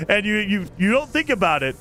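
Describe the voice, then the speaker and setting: A man's voice: sits high, sing-song, normal speed, sharp tone, slight background noise. A man streaming a game live, chatting with his viewers and laughing often as he plays. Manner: chatty, laughs often, talks to chat while playing. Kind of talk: casual live-stream chat.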